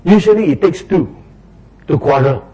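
A man's voice: fairly high pitch, expressive, moderate pace, dark tone, breathy edge, poor audio. A man, preaching a sermon and acting out little street quarrels in raised voices.

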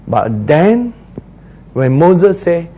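A man delivers a sermon, retelling scripture earnestly and circling back over his points. His voice sits a bit higher than most men's. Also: big pitch swings, very slow, dark tone, breathy edge, low-quality recording. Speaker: preacher.

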